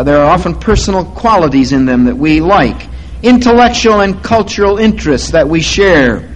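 A man preaching a sermon, slow and deliberate, swelling louder on key words. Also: high-pitched, a little hiss or hum, rough recording. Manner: slow, deliberate stress on words to teach them.

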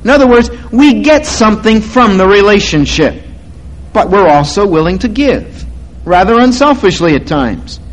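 A man preaching a sermon, slow and deliberate, swelling louder on key words. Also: high-pitched, very animated, low-quality recording. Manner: slow, deliberate stress on words to teach them.

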